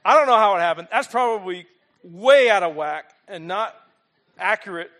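A male pastor preaching with a high, very lively voice. He tells stories with humor and keeps checking in with rhetorical questions. His pitch swings widely from line to line. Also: moderate pace. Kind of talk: sermon.

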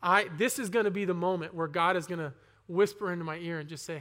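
A young man giving a personal testimony sermon to a congregation, earnest and conversational, with halting restarts, rising to loud emphasis and dropping to soft asides. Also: sits high, fairly even intonation. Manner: earnest, swings between loud emphasis and near-whispered asides. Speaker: preacher.

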